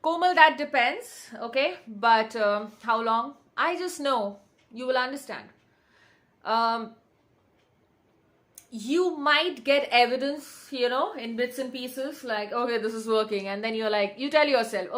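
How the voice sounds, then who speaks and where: A woman talks to viewers live as a manifestation coach. Her voice sits a little high, and she drives points home by repeating lines with firm emphasis. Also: a little slow, fairly bright tone. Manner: emphatic, repeats affirmations insistently. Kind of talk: casual livestream Q&A.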